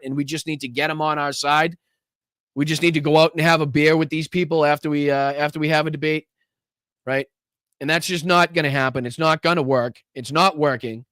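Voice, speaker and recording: Heated male livestream host, crisp and dry. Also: medium pitch, fairly bright tone, no room sound. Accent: Boston. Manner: heated, repetitive, many fillers and restarts. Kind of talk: casual livestream commentary and viewer shout-outs.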